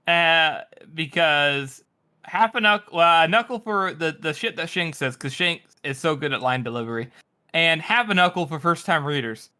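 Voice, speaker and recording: Bright-voiced casual podcast guy. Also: a little high, expressive, moderate pace, clean tone. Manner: blunt, casual, swears freely. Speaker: podcast co-host. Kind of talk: casual book discussion.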